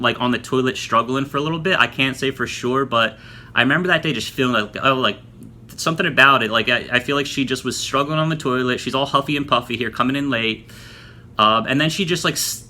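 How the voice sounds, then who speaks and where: A man talks straight into a nearby camera from a room at home, in a loose, filler-heavy vlog style. His voice has a very bright, sharp edge, though his pitch stays in the middle. He often slips into mocking imitations of other people. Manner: chatty, frequent fillers, mocking impressions of others. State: just showered, hair still wet. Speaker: former student telling his story. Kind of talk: casual vlog monologue.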